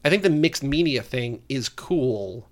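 A man's voice: mid-range voice, animated, measured pace. A man co-hosting a podcast in casual chat, enthusiastic and full of "like" fillers. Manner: enthusiastic, leans heavily on "like". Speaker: podcast co-host.

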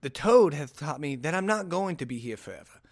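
A man putting on a lisping impression of a famous retired boxer in his fifties, speaking slowly and haltingly. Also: fairly high pitch, lively intonation. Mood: reflective. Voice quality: lisp.

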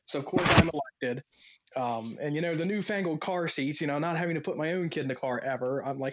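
A young man co-hosts a casual podcast with a slightly high voice. He tells personal stories with animation, slipping into the voices of the people in them. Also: quick pace. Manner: animated storyteller, acts out quoted voices. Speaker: podcast co-host.

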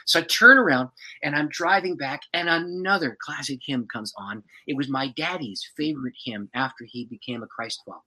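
A man's voice: fairly high pitch, fairly quick, hardly any pauses, rough recording. A man, a pastor and author, tells a personal story as a podcast guest, breaking into laughter as he goes. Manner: lively, laughs through his story.

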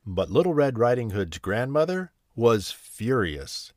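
A man reading a bedtime story aloud in a slow, soothing, expressive way. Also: medium pitch, no echo, studio quality.

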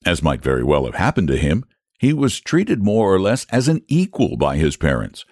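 A man reading a storybook aloud as narrator, in a measured, expressive storytelling manner. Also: medium pitch, dry recording, clean studio sound.

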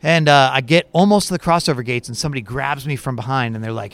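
A man's voice: mid-range voice, quick pace, dry recording. Chatty man telling a story. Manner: animated, chatty, lots of fillers and laughs. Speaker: podcast co-host. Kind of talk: casual storytelling chat.

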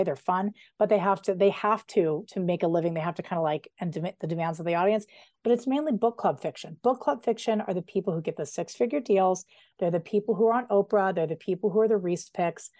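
A woman in her forties, an author being interviewed, talking in an animated, chatty way with playful asides. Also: fairly low pitch, fast, dry recording, studio quality. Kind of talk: conversational interview.

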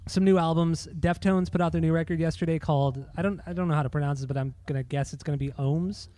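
A podcast host chats casually in a loose, talkative style, swearing freely and restarting his sentences. His voice is on the high side and warm, with fairly even intonation and a fast pace, and there's no room sound.

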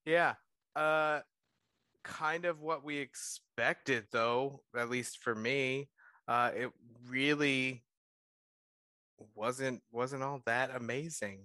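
A man's voice: mid-range voice, takes it slowly, sharp tone, no echo. A man co-hosting a casual sports podcast, laid-back and teasing, laughing easily. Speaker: podcast co-host.

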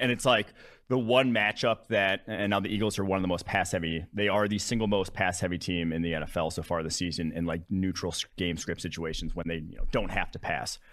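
This football analyst and co-host, a young Wisconsin native, has a low but fairly bright voice. He chats on the podcast in a fast, casual way, constantly restarting and leaning on fillers.

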